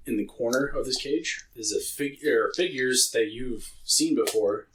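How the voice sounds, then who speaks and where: Bright-voiced male game master. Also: mid-range voice, measured pace, slight background noise, low-quality recording. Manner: loose descriptive narration with many fillers. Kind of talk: narrating a tabletop game.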